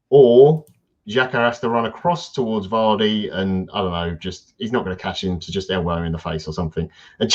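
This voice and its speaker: A man's voice: on the low side, highs cut off. A man, co-hosting a casual football podcast in a blunt, chatty way. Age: 30s. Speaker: podcast co-host.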